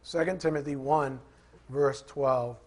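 A man's voice: medium pitch, fairly even intonation, measured pace. A man preaching a sermon, repeating scripture references and putting questions to his congregation in an emphatic style. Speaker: pastor.

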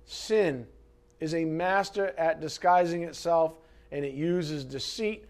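A man preaching a sermon, dramatic, swinging from loud emphasis to hushed asides. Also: a little high, takes it slowly. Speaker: pastor.

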